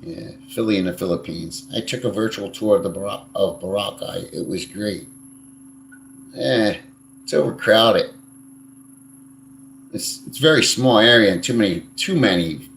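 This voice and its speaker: A man's voice: on the low side, normal speed, creaky, pauses often, a bit bright, slight background noise. A man hosting a casual live stream, answering viewer comments in a blunt, crude and rambling way, swearing freely. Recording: echoey room.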